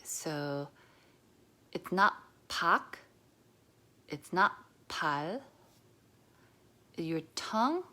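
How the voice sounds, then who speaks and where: Lowish-voiced woman teaching pronunciation, patient, says things over and over, goes quiet and whispery a lot. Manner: patient, repeats words slowly, drifts into soft near-whispers. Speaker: Korean language teacher. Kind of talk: pronunciation lesson.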